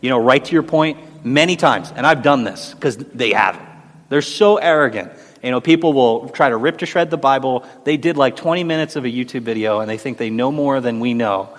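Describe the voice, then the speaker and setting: A man with a medium-pitched, fairly quick voice hosts a Christian talk show, discussing faith in an earnest, encouraging, preacherly manner. The sound is roomy with long reverb.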